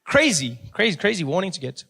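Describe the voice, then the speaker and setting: South African comedian telling stories. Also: male voice, sits high, brisk, creaky, husky. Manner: animated storytelling with acted-out voices and laughter. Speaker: stand-up comedian. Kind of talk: stand-up comedy.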